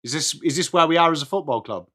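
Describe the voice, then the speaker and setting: An English man hosting a live football watchalong stream, chatty and upbeat, greeting viewers by name, his voice starting to go a little hoarse. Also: fairly high pitch, fast, pushed and bright. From England. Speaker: livestream watchalong host. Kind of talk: live chat reacting to football.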